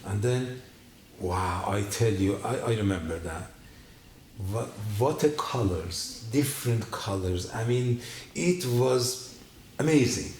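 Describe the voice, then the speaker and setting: Man, testimony speaker, halting non-native English, animated storytelling, roomy echo with faint hiss. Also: on the low side. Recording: echoey room with faint noise.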